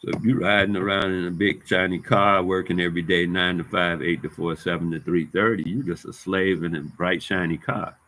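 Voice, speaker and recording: A man's voice: sits low, steady tone, fairly quick, hardly any pauses, a bit bright. Heated, profane man ranting to camera. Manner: heated, profane, repetitive street talk. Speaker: vlogger.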